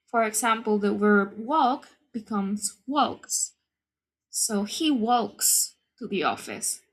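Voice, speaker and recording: A woman teaching an English grammar lesson, explaining patiently and deliberately, repeating the key points. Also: medium pitch, expressive. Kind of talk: slow, careful lesson explanation.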